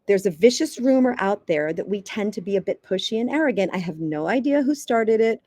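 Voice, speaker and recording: A woman from the US East Coast, a communication coach giving advice as an interview guest in a lively, emphatic way, sometimes stammering as she restarts. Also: mid-range voice, fairly quick, no echo, clean studio sound. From United States East Coast.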